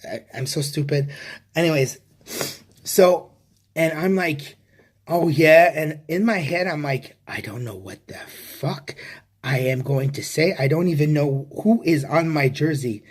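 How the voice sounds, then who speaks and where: Adult man, mid pitch, confessional vlog, halting delivery, casual swearing. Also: darkish tone. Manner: halting, with many restarts and fillers. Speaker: vlogger. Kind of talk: rambling personal confession.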